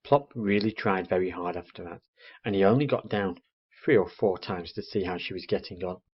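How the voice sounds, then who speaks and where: A man teaching a primary school lesson, reading a children's story aloud in an expressive storytelling manner. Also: sits low, normal speed, slightly rough. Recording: dull lo-fi recording.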